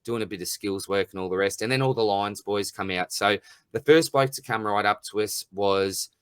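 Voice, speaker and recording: A man's voice: on the low side, moderate pace, fairly bright tone, clean tone, no room sound. A middle-aged man with an Australian accent, hosting a podcast in blunt, rambling, jokey rants. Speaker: podcast host. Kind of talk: casual chat.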